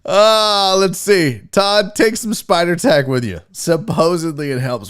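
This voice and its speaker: A man hosting a sports talk livestream, a little drunk, joking loudly with his chat and swearing often. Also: high voice, a little slow, few pauses, clear, resonant tone. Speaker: sports talk show host.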